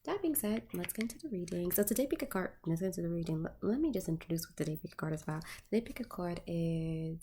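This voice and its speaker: A woman's voice: fairly low pitch, lively intonation, fast, few pauses, warm tone, husky. A woman tarot reader chatting casually to her viewers, candid and profane, full of filler words.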